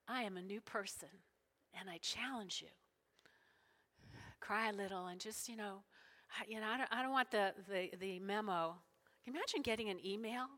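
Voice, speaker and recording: A middle-aged woman pastor preaching to her congregation, folksy, emotional and dropping into soft whispered prayers. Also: medium pitch, moderate pace, long pauses. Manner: folksy, talks to congregation as y'all. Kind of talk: sermon.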